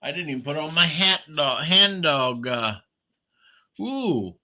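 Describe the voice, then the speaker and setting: A man's voice: a little high, expressive, takes it slowly, sharp tone. A man hosting a casual morning livestream, chatting with viewers in a rambling way, full of fillers and restarts. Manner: greets commenters by name. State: sleepy, yawning. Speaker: livestream host.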